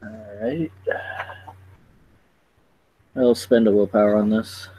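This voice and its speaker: A man's voice: on the low side, little pitch movement, mellow, husky, rough recording. A man playing in a tabletop game, thinking aloud as he works out his rolls and actions. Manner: slow, thinking aloud while working out dice rolls. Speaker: player. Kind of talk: casual tabletop gaming chat.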